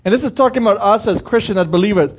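A young man preaching a sermon in a high, light voice. He keeps it chatty and informal, asking the congregation direct questions. He breaks into brief impressions of the people he describes. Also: rapid-fire, slightly rough. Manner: conversational preaching, asks the congregation questions, acts out quoted voices. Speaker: pastor.

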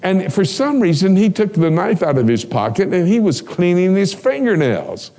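Preacher, man, somewhat high voice, lively storytelling sermon. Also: normal speed. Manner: animated storyteller, acts out dialogue. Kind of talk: sermon with personal stories.

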